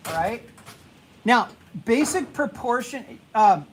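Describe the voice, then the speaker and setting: Man, high voice, casual halting art teacher, faint classroom hum. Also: animated, poor audio. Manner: casual, halting, repeats himself, hushes the class. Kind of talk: classroom drawing lesson.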